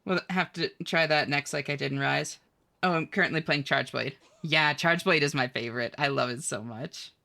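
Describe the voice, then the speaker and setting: A woman's voice: low voice, moderate pace, creaky, sharp tone. A woman streaming a video game, chatting casually and giggling as she answers her viewers. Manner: chatty, giggly, reads chat aloud. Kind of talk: casual chat with viewers while gaming.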